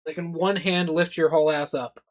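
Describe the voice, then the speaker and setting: A streamer reacting to a game on a livestream, swinging from low mumbles into profane, mock-furious shouting rants. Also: steady tone, brisk, no room sound.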